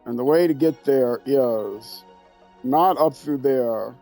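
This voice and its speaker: Streamer, male, Minnesota accent: gravelly, mellow play-by-play of his own game. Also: medium pitch, slow pace, faint music behind. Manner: talks to himself while playing, joking asides. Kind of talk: casual gameplay commentary.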